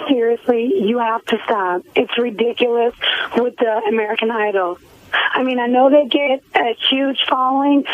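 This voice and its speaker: Shrill woman caller on a tinny phone line. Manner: blunt, swearing, insistent. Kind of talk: angry call-in complaint.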